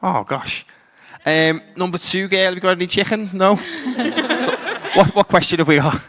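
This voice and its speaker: A man's voice: high voice, moderate pace, fairly bright tone, long reverb tail. A man with a Liverpool accent hosting a convention panel, chatty and laughing into a handheld mic. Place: convention hall stage.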